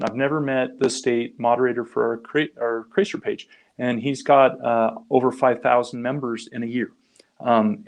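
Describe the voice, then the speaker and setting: A middle-aged man talks casually as a podcast guest. He rambles through his stories, restarting phrases and slipping into small acted quotes. His voice sits at an ordinary pitch for a man. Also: a little mellow. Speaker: guest, founder of a crayfishing group. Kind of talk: casual storytelling interview.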